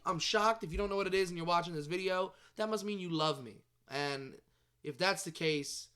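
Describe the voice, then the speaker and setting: A man vlogging about movies in casual chat, excitable and rambling, swearing and tripping over his words. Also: sits high, moderate pace, clean tone.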